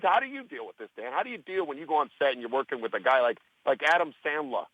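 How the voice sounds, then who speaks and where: A man's voice: mid-range voice, expressive, quick pace, no room sound, lo-fi sound. A man guesting on a radio show, telling stories in a rambling, self-interrupting way while hungover.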